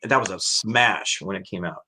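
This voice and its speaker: A man's voice: low-pitched, moderate pace, sharp tone, slightly rough. A man hosting a casual live-stream chat, speaking in a hesitant way with many restarts. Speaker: host.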